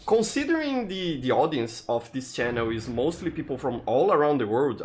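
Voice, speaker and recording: A Brazilian game streamer with a Brazilian Portuguese accent and a mid-range voice chats with viewers while playing live. His gameplay commentary is full of "you know"s and restarts, with slight background noise.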